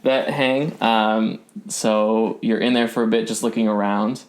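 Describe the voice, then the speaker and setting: A man running a tabletop game as game master, narrating with hesitant pauses. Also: lowish voice, steady tone. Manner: hesitant, many ums and restarts.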